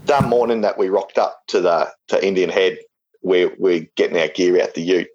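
Deep-voiced Australian man telling yarns. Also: normal speed, darkish tone, muffled recording. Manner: rambling, jokey, many fillers and restarts. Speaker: interviewee. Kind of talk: casual storytelling.

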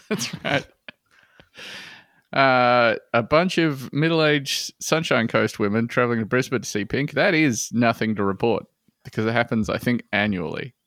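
A man with an Australian accent hosting a comedy podcast, reading news items in a deadpan, jokey way with quick asides. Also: mid-range voice, no room sound, clean studio sound. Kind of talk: casual comedic podcast banter.

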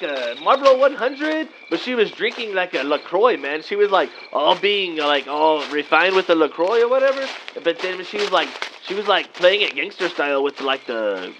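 A man in his thirties doing an improvised comedy sketch in a laid-back slacker drawl, always saying "man" and "vato". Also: high-pitched. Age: 30s. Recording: dull lo-fi audio with faint night noise.

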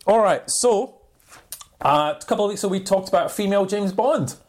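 Lively man cohosting a podcast. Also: sits high, brisk. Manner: animated, laughs often, jumps between topics. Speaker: podcast co-host. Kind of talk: casual banter podcast.

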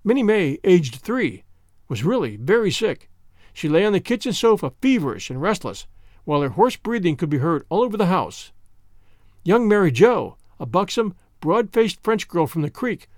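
A man narrating an audiobook in an expressive storytelling manner. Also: sits high, no room sound, studio quality.

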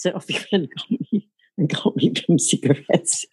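A woman's voice: mid-range voice, lively intonation, fairly quick, darkish tone, husky, poor audio. An older woman recounting a story from her own past in a wry, amused way. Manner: wry, amused, laughs while telling. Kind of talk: casual spoken anecdote.

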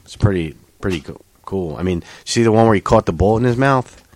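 A man's voice: on the low side, expressive, a little fast, a little mellow. A man telling a rambling story in casual chat, swearing freely.

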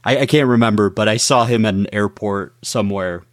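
A man hosting a casual podcast interview, asking relaxed, rambling questions. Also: on the low side, fairly quick, dry recording, studio quality. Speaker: podcast host.

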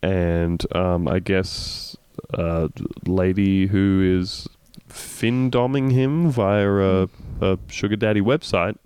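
A man's voice: low-pitched, fairly even intonation, slow, hardly any pauses, darkish tone, clean tone, no room sound. A man hosting a comedic news podcast, reading articles aloud with wry, laughing asides. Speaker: podcast host.

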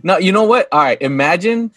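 Laid back podcast host dude, kinda high voice, super dry close mic, laughs a lot. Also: male voice, lively intonation, brisk, fairly bright tone, dry recording. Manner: laughs often, upbeat. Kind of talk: casual podcast chat. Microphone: remote podcast mic at home.

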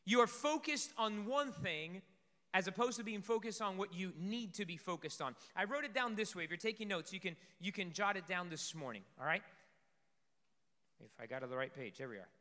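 Animated preaching man in a reverberant hall. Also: high voice, brisk. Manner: animated, swings between loud emphasis and soft asides. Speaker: pastor. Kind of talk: sermon. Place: church sanctuary. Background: congregation.

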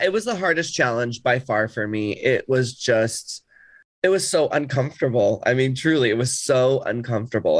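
A man co-hosting a podcast in casual chat, animated and gushing, laughing easily as he talks. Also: mid-range voice. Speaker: podcast co-host.

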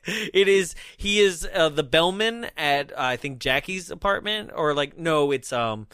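A man's voice: fairly high pitch, animated, measured pace, a bit bright, clear, resonant tone, no room sound, studio quality. A man hosting a podcast in a casual movie chat, rambling with lots of ums and uhs and laughing mid-sentence. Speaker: podcast host.

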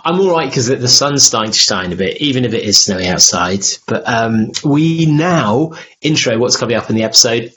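A man's voice: medium pitch, fairly bright tone, highs cut off, slight background noise. A man hosting a podcast in casual chat, rambling and self-deprecating. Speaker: podcast host.

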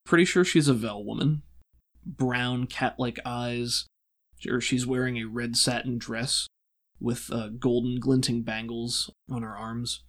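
A man working as game master, narrating a tabletop role-playing game in a relaxed, descriptive way with frequent fillers. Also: mid-range voice, a little slow.

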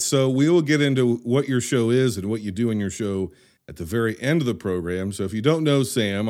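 An American podcast host with a fairly low, slightly mellow voice chats casually with his guest. He jokes around in playful banter, pretending to be clueless.

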